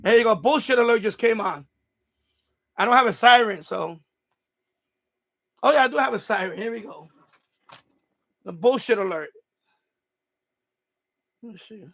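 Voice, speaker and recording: A man's voice: high voice, normal speed, creaky, pauses often, fairly bright tone. A man hosting an amateur radio livestream, in an angry, profane, repetitive rant. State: mad. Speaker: ham radio livestream host.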